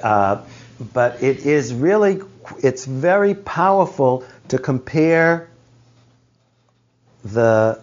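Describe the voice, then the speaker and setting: Slow, reflective male teacher. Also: medium pitch, animated. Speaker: teacher leading a study group. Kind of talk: explanatory group teaching. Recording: dull lo-fi recording.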